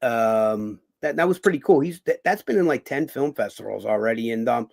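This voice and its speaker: Middle-aged guy, gravelly voice, rambly interview guest, lots of um and uh and restarts, swears a bit. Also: medium pitch, animated, a little fast, a little mellow. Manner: rambling storyteller, many fillers and restarts, swears casually. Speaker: guest, actor and former boxer. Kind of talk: casual interview chat.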